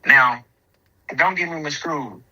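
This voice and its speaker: A man sits in as a podcast guest and trades hog dog stories. His talk is casual, profane and meandering, full of dialect. His voice sits a little high and sounds sharp and very bright. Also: slow, low-quality recording. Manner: profane, rambling storytelling in dialect.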